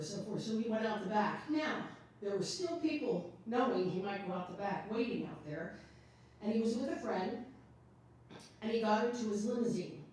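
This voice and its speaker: A woman's voice: mid-range voice, a little mellow, slight background noise. A woman singer telling an anecdote between songs at a live show, chatty, with asides to the audience. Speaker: singer and storyteller. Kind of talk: live concert patter. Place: library event room. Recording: echoey room from far off, music.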